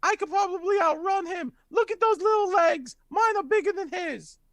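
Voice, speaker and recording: A man's voice: very high voice, normal speed, fairly bright tone, no echo, pitched above the performer's own voice. A man voicing a cheeky little boy who taunts and boasts. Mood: mocking.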